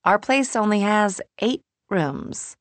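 A woman's voice: mid-range voice, lively intonation, slow, dry recording, voice pushed up. A woman reading an audiobook, voicing Julie, a spacey, distracted young woman friend who speaks offhandedly. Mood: offhand.

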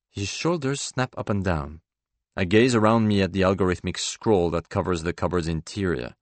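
Deep-voiced male audiobook narrator. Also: normal speed, no echo. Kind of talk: first-person literary narration.

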